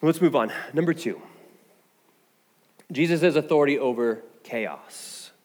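A man preaching a sermon, his voice sitting a little higher than most men's. He talks casually and animatedly, tossing in "right?" and "like" as he goes. His voice rings with the long reverb of a hall. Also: measured pace. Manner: conversational, animated, frequent fillers and "right?" asides. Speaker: pastor.

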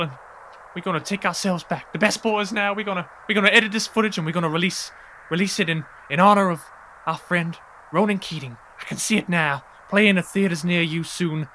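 A man voicing a menacing Western outlaw boss with a slow drawl in a comic game role-play. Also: sits high, sharp tone, slight background noise, voice pushed up.

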